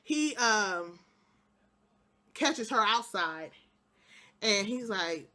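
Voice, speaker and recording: A woman casually recapping a TV episode, telling the story with lively acted-out quotes and laughs. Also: mid-range voice, very slow. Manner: breaks into laughter and exclamations. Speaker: TV show recap vlogger.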